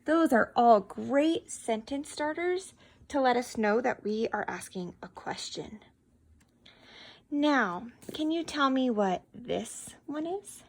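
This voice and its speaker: A woman's voice: fairly high pitch, animated, slow pace. A woman teacher giving a patient, encouraging one-on-one reading lesson to a child.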